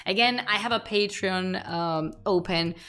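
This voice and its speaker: A chatty woman with as her talks loosely to her stream viewers, laughing and circling back mid-sentence. Her voice sits at a middle pitch. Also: unhurried, sharp tone. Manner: chatty and laughing, with frequent restarts and fillers. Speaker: streamer, history channel host. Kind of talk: casual live-stream chat to viewers.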